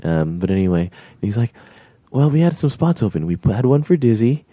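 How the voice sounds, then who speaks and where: A man's voice: fairly low pitch, sing-song, brisk, mellow, husky, no room sound. A man hosting a casual podcast chat, telling stories and laughing often. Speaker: podcast host.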